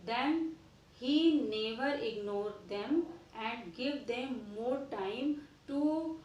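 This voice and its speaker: A woman teacher with an Indian English accent, lecturing students in a deliberate way with frequent fillers and restarts. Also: on the high side, darkish tone, echoey room, lo-fi sound. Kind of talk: classroom lecture.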